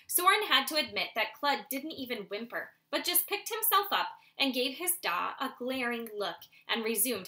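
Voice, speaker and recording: A woman reading a children's novel aloud in steady storytelling narration. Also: a little high. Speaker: audiobook reader. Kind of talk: scripted audiobook narration.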